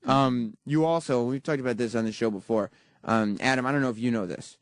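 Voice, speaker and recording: A man's voice: mid-range voice, fairly quick, dry recording. A man hosting a radio show, chatting and teasing his co-host in casual studio banter, with many fillers.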